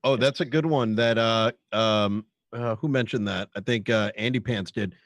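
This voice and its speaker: A man's voice: fairly low pitch, moderate pace, no room sound. A man talking in a casual panel chat, hesitant with many fillers and restarts. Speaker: streamer panelist.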